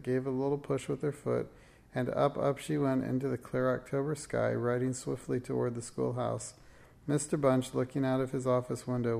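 A man reads a children's storybook aloud at a steady, gentle pace. His voice is mellow and dark with a gravelly texture underneath. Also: mid-range voice. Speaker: reader. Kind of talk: storybook read-aloud narration.

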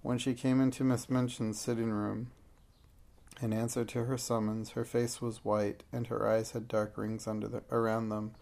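Male storybook narrator; gravelly, level, unhurried read. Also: medium pitch, little pitch movement, darkish tone. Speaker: audiobook narrator. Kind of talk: scripted narration.

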